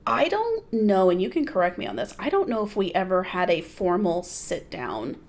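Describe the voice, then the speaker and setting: A woman's voice: mid-range voice, big pitch swings, normal speed. A woman in her forties, a podcast guest, telling candid stories in a blunt, laughing way. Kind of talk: candid casual chat.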